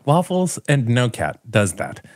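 A man co-hosting a podcast in casual, playful chat, rambling with slow deadpan asides. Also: mid-range voice, no room sound, clean studio sound. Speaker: podcast co-host.

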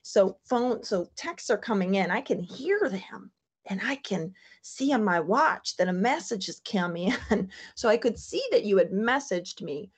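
A woman's voice: medium pitch, lively intonation, measured pace, husky. A woman guest on a talk show, telling a rambling story with frequent laughs in casual chat. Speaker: guest co-host.

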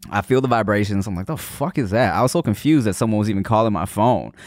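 A man co-hosting a podcast, telling stories in casual chat, slangy and animated, acting out his own reactions. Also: lowish voice, quick pace, dry recording, studio quality. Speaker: podcast co-host.

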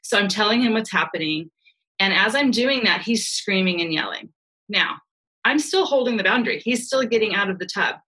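A woman's voice: medium pitch, lively intonation, brisk, sharp tone, slightly rough, poor audio. A middle-aged woman, a parenting expert guest on a podcast, explaining earnestly and laughing lightly now and then.

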